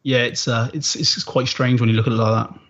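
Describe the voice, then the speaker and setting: A husky-voiced man in his forties speaks with a West Country accent that carries an Australian twang. He talks in a laid-back, matey way, recorded on dull, muffled audio. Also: mid-range voice, level tone, fairly quick, a bit bright. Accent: West Country English with an Australian twang. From Southwest England. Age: 40s. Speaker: guest, retired soldier. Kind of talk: casual interview.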